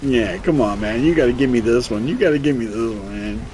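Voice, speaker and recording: Man, young adult, gaming streamer, casual chat, profane, rambling, mid pitch. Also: a little fast, darkish tone, slight background noise. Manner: loose, profane, rambling storyteller.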